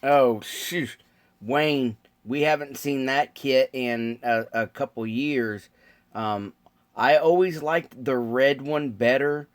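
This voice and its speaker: A man's voice: medium pitch, takes it slowly, dry recording. A man chatting casually with viewers while building model cars, rambling and laid-back with lots of ums. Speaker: model car builder streaming live. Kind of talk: casual live-stream chat.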